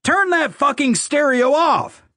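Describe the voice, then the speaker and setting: A man voicing a tough army drill sergeant who talks in brisk orders. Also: medium pitch, lively intonation, no echo, clean studio sound, close to an everyday voice. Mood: yelling.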